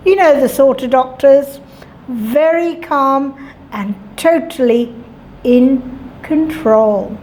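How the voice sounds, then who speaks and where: A woman teacher reading and explaining a class play aloud, clear and deliberate. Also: high-pitched, a little mellow, a little hiss or hum.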